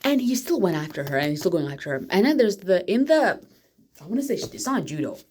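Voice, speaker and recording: A woman excitedly recapping a show's plot in a chatty, casual way. She jumps back and forth through the story. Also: on the low side, fairly quick. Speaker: vlogger.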